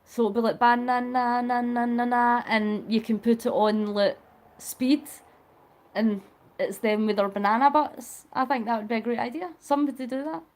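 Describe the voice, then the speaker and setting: A woman's voice: fairly high pitch, moderate pace, a little mellow. A woman chatting affectionately with viewers on a charity live stream, laughing often. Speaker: vlogger livestreaming a charity cycle.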